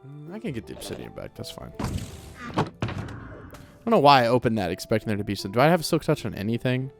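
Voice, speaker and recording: Easygoing guy doing game commentary, laughs a lot, talks to the mobs, mid pitch, music playing under it. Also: huge pitch swings, fast talker, vocal fry. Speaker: let's play host. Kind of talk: casual gameplay commentary.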